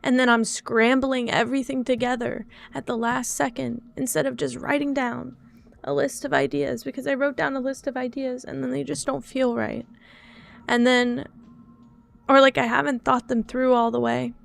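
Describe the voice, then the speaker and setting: A young woman streaming live and talking casually to her chat at a desk microphone. Her voice sits a little high and carries a gravelly vocal fry. She sounds frustrated with herself and keeps talking things through aloud. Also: little pitch movement, normal speed.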